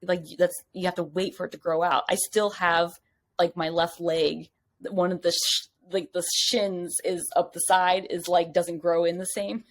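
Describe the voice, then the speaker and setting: Woman guest on a podcast, kinda low voice, rambly animated storytelling w/ lots of likes. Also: moderate pace. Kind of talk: casual chat.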